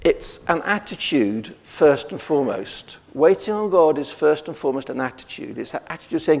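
Preacher in a reverberant hall. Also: male voice, on the high side, lively intonation, normal speed, vocal fry, few pauses, darkish tone. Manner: conversational, with frequent restarts and rhetorical questions. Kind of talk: sermon. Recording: long reverb of a church hall.

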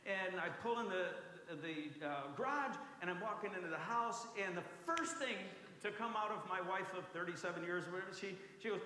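A man's voice: sits high, brisk, hardly any pauses, pushed and bright, slight background noise. A middle-aged man, a pastor, telling a story in a conversational, self-mocking sermon style. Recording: echoey hall with faint ambience.

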